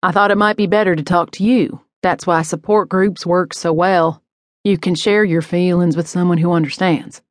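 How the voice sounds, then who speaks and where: A calm male detective who keeps pressing in a gentle, sympathetic-sounding way, as a woman reader voices him. The tone sits low and even, and the reading is dry and close, with no room around it. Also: normal speed, dry recording, close to an everyday voice. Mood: persistent. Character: calm, probing adult male police detective.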